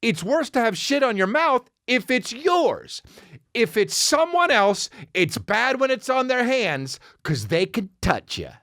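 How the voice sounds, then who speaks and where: A man spins a comic story on his podcast as a swearing, self-interrupting rant. His pitch swings wide and lively from low grumbles to high squeals. The room is dry, with the voice close and plain. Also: a little slow, dry recording. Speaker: podcast host. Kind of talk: comedic storytelling monologue.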